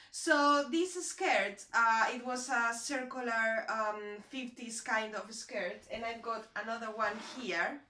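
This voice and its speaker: A chatty woman talks her viewers through a sewing project, rambling and pausing to find her words. Her voice is bright and sits a bit high. The room around her is echoey. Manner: chatty and rambling, with frequent hesitations. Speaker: sewing vlogger. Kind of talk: casual how-to chat. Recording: roomy echo.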